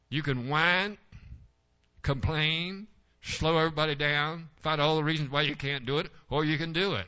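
An older man preaching a sermon as pastor, telling folksy stories and rising into forceful exhortation. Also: a little high, moderate pace, clean tone, highs cut off.

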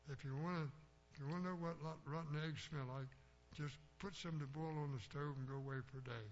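A man's voice: fairly high pitch, steady tone, brisk. Blunt older man preaching a folksy sermon. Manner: plainspoken, blunt, anecdotal. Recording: dull lo-fi recording with faint hum.

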